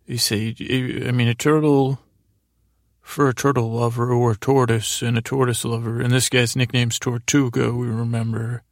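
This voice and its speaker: A man's voice: mid-range voice, level tone, moderate pace, no echo, studio quality. A man hosting a podcast, meandering through a sleepy retelling of a TV episode, often correcting himself. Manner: meandering, self-correcting, paraphrases characters loosely. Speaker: podcast host. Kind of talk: rambling sleepy recap of a TV episode.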